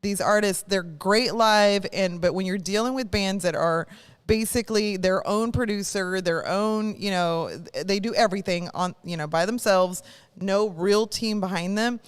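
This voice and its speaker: A woman's voice: mid-range voice, normal speed, clear, resonant tone. A woman hosting a live radio show, chatting casually in a rambling, self-correcting way. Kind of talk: casual chat. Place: live broadcast studio.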